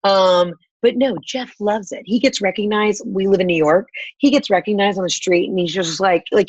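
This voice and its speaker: A woman in her thirties from the American South, a podcast guest telling profane, animated stories in casual chat. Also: fairly low pitch, slightly rough, no echo, poor audio. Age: 30s.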